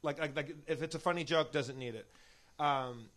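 A man's voice: a little high, a bit bright. A man chatting on a live comedy podcast, rambling with many restarts and filler words. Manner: rapid, halting, lots of "like" and restarts. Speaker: podcast regular.

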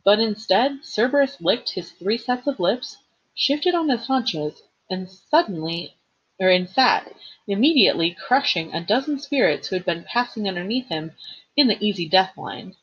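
A woman, a teacher, reading a novel aloud with expressive storytelling and the occasional slip and reread. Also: medium pitch, normal speed, breathy edge, dull audio.

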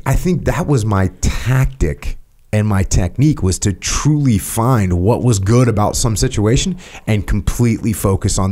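A man on a podcast, telling stories in casual chat and acting out his own quotes with energy. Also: medium pitch. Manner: animated, acts out quotes loudly. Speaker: podcast guest.

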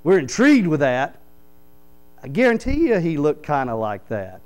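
Lively pastor preaching. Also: male voice, fairly high pitch, normal speed, rough recording. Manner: animated storyteller, reads scripture aloud then explains it. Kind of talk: sermon. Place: church sanctuary.

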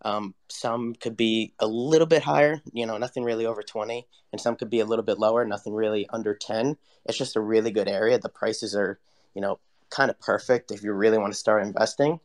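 Young man in his twenties, panel guest, lowish voice, loose and full of fillers. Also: fairly even intonation, brisk. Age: 20s. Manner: loose and hesitant, many fillers. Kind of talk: casual live audio chat.

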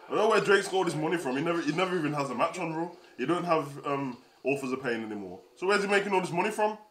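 A man hosting a reaction video, excitable, laughing and shouting often. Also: a little high, racing.

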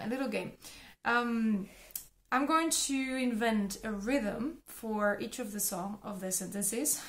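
Slow, careful woman teaching pronunciation. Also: on the high side, fairly bright tone. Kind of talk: pronunciation lesson with repeat-after-me drills.

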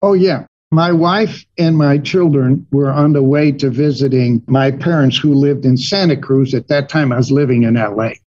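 A man's voice: medium pitch, steady tone, normal speed, few pauses, darkish tone, highs cut off. An older man, a guest in an interview, telling personal stories vividly and acting out his own past dialogue. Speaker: guest, money manager. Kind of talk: storytelling in an interview.

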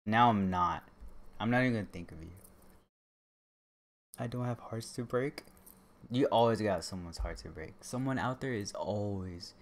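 A man's voice: fairly low pitch, normal speed, long pauses. A man chatting casually with his viewers on a livestream, rambling and joking and talking straight to them. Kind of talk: casual live-stream chat.

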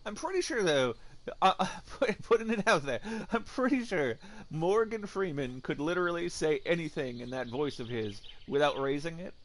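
A man's voice: a little high, a bit bright. A man streaming a game live, joking and rambling with mock-heroic boasts.

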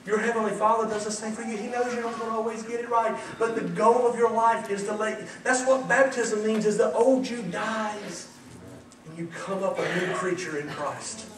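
A male pastor preaching a sermon in an animated, emphatic, folksy storytelling manner. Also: sits high, moderate pace. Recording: echoey hall, distant mic, faint noise.

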